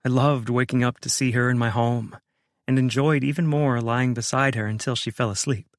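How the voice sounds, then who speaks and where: A man reading a romance audiobook in a steady, measured first-person voice at a mid pitch. The sound is dry and close to the mic. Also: dry recording. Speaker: audiobook narrator. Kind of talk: scripted romance narration.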